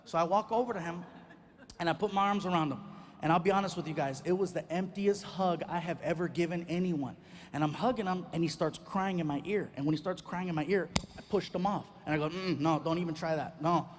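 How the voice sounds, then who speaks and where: A male stand-up comedian telling a story in an animated way and acting out each exchange. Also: high voice, fairly quick. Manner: animated, acts out every exchange.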